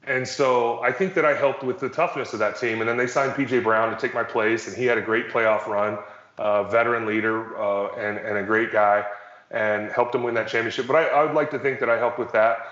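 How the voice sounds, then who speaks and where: A man's voice: mid-range voice, steady tone, a little fast, a bit bright. A middle-aged man, a former pro athlete, chatting casually on a podcast. He rambles, corrects himself and drops wry jokes as he tells a long story. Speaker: former pro basketball player as guest. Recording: roomy, slightly dull sound.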